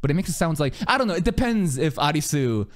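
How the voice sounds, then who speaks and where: A young man streaming an anime reaction, excitable and profane, cheering, shouting and laughing at the screen between calmer remarks. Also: on the high side, fast talker. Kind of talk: live anime reaction commentary.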